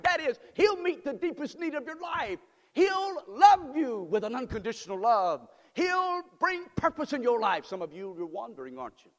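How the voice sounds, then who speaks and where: Very high-pitched and fairly bright, a man delivers a fervent, repetitive sermon as pastor. In the reverberant church sanctuary, his preaching draws call-and-response from the congregation.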